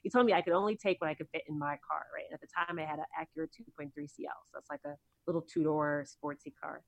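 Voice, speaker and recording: Low-voiced woman telling stories casually. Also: steady tone, quick pace, gravelly, no room sound. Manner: chatty, rambling, many ums and likes. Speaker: podcast guest, TV producer. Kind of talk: casual interview storytelling.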